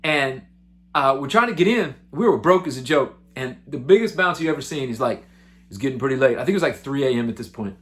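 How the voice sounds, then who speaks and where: Excitable, chatty male musician. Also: mid-range voice, fast. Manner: excitable, animated, loose and chatty. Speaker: musician and show host. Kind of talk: casual storytelling to camera.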